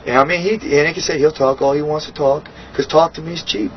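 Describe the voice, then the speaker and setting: A middle-aged man in a shoot interview, telling a story bluntly and profanely, acting out other people's lines in a higher voice. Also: fast. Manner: animated storytelling, acts out quotes with raised pitch. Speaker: interview guest. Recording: dull lo-fi sound, faint hiss.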